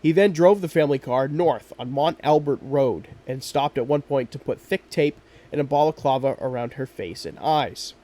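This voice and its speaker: A man hosting a podcast, narrating a true crime case in a steady, measured way. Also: medium pitch. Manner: steady, measured storytelling with quoted lines. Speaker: podcast host.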